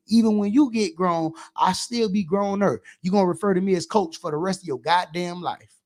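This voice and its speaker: A man's voice: high voice, a little fast. A man, a youth football coach, giving an impassioned radio monologue, preachy and emphatic, acting out how he scolds kids.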